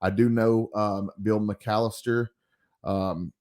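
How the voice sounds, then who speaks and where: Casual comic reviewer, male, low voice, loose and digressive. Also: fairly even intonation, slow pace, darkish tone. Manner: rambling, frequent ums and asides. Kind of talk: casual commentary while reading a comic.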